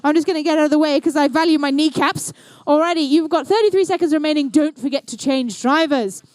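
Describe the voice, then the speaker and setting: High-voiced playful woman commentator. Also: fast talker, a little mellow, no echo. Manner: playful, jokey banter with the crowd. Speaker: event commentator and emcee. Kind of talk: live event commentary. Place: indoor competition venue.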